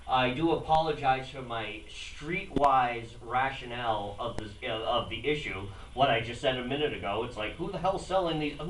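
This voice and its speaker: A man hosting a political talk radio show, speaking in a streetwise, animated way and acting out mocking voices. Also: fairly high pitch, roomy sound, distant mic, a little hiss or hum, rough recording.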